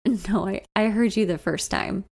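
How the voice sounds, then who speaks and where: A woman voicing an easygoing, amused young boyfriend who talks calmly and teases gently. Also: mid-range voice, normal speed, gravelly, husky. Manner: calm, teasing, nonchalant.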